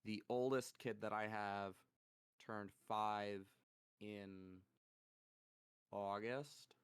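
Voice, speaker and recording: A young man chats on a podcast with a smooth, clear voice. He takes his time, swearing casually and breaking into laughter as he tells his stories. His pitch sits in an ordinary middle range. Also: fairly even intonation, very slow. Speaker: podcast co-host. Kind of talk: casual chat.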